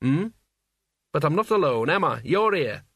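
Man playing a bumbling wizard, mild and absent-minded, slightly husky, dry close reading. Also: fairly high pitch, big pitch swings, moderate pace, a bit bright, no room sound, heavily acted. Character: bumbling, kindly young male wizard.

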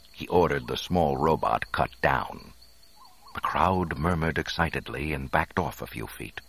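A man narrating a storybook in an expressive, dramatic reading. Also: extremely low pitch, creaky, slightly rough.

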